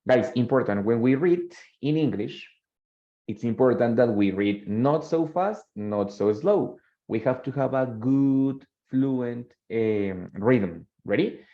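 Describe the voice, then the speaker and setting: Gravelly-voiced teacher. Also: male voice, medium pitch, expressive, slow pace. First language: Spanish. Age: 30s. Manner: patient, repeats phrases and checks in with "ready?". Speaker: English teacher. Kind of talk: online English class, mixing Spanish explanations. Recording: dull lo-fi call audio.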